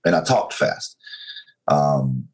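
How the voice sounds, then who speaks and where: A man in his forties, Southern-accented and from North Carolina, tells his story as an interview guest with slow, controlled frankness. He has a bass voice with lively intonation, heard on a rough recording.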